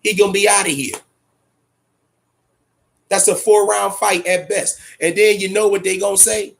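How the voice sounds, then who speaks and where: Gravelly high-voiced man ranting about boxing. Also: flat delivery, normal speed. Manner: profane, emphatic, repeats himself. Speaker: boxing talk show host. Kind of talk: casual boxing commentary rant.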